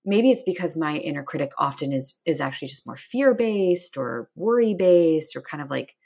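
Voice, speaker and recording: A woman's voice: deep voice, expressive, moderate pace, gravelly, warm tone, husky. A woman co-hosting a casual podcast discussion, thoughtful and hedging, checking in with "right?" as she talks. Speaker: podcast co-host, career coach.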